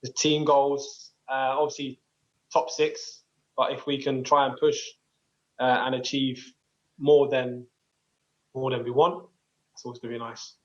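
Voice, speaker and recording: A man in his twenties, a footballer, answering interview questions in a relaxed, modest, hesitant way. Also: mid-range voice, measured pace, long pauses, dull audio. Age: 20s. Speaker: professional footballer.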